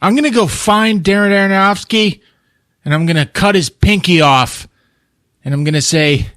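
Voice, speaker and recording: A man's voice: sits high, normal speed, fairly bright tone, no echo, clean studio sound. A man co-hosting a podcast, reacting with profane jokes in casual chat.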